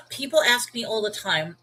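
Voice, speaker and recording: A woman's voice: on the high side, animated, a little slow, pushed and bright, slight background noise, poor audio. Chatty Brooklyn woman hosting a livestream. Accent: Brooklyn New York. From New York. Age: 30s. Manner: chatty, talks straight to viewers by name; candid and emphatic. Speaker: livestream host. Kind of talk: casual Bible livestream chat.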